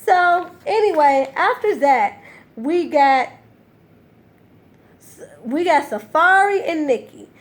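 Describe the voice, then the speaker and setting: Woman recap host, high bright voice, sassy, blunt, swears freely, chatty commentary. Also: takes it slowly, long pauses. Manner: sassy, blunt and profane, animated retelling. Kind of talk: casual reality TV recap commentary.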